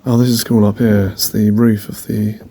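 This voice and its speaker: A young man with a lowish, mellow, husky voice chats casually for his van life vlog, speaking flatly at a normal speed. He rambles tentatively and laughs at himself as he goes, recording outdoors in a city and inside his van.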